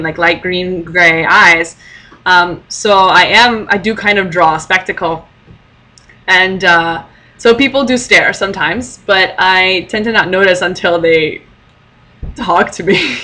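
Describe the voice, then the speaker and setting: A woman's voice: lowish voice, pushed and bright, low-quality recording. A young woman vlogger telling funny stories casually to camera, with many fillers and laughing asides.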